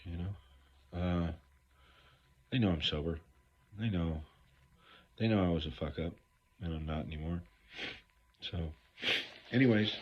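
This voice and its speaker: A man's voice: rumbling low, slightly rough. A middle-aged man giving a candid recovery talk to viewers, blunt and profane as he rambles through his stories. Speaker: recovery speaker. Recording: dull lo-fi recording.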